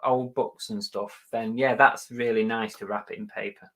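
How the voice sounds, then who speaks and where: A man's voice: on the low side, fairly even intonation, moderate pace, pushed and bright. A man hosting a live reselling chat, reading viewer comments in a chatty, upbeat way and laughing easily. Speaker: reseller channel host.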